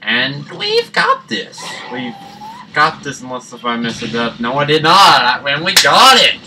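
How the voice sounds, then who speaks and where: A man giving rambling, jokey let's-play commentary that breaks into sudden excited yelps. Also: on the high side, normal speed, slight background noise, poor audio. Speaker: gaming channel host. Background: game music.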